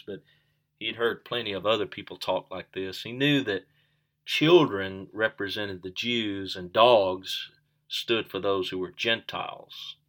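A man's voice: lowish voice, a bit bright. A man preaching a sermon, earnest, asking the listeners questions and repeating key phrases for emphasis.

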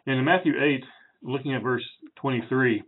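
A man preaching through a Bible passage in a relaxed, chatty way, with fillers and self-corrections. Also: medium pitch, moderate pace, slightly rough. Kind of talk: conversational Bible teaching. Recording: tinny phone-like sound.

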